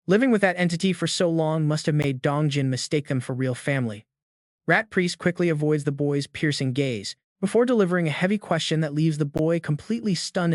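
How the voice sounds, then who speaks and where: A man giving scripted, dramatic narration as he recaps a comic story in a steady storytelling voice. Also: a little high, fairly quick, no room sound, studio quality.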